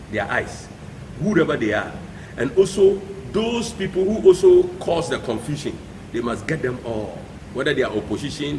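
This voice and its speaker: A Ghanaian man, a pastor, preaching with passion, swinging between hushed pleading and sudden shouts. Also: mid-range voice, roomy sound, big-room sound, slight background noise. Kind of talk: preaching commentary.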